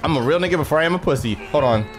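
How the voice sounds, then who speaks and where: A man's voice: fairly high pitch, animated, very fast. A young man doing nervous let's-play commentary, swinging between muttered self-talk and shrieks and cursing a lot. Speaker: gaming YouTuber. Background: game music.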